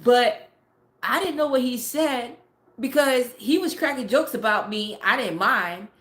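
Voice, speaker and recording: A woman's voice: fairly high pitch, measured pace, a bit bright. A woman in her forties, a mother, telling a family story in blunt, profane, filler-heavy casual talk. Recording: roomy echo.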